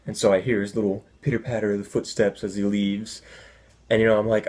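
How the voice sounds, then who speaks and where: A young man telling a comic personal story, animated with deadpan asides. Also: lowish voice, a little fast.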